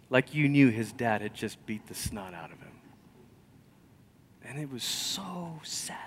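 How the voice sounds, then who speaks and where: A man preaching a sermon, telling stories conversationally and swinging from loud emphasis to near whispers. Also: medium pitch, a little hiss or hum. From Malaysia. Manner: storytelling, conversational. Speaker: pastor.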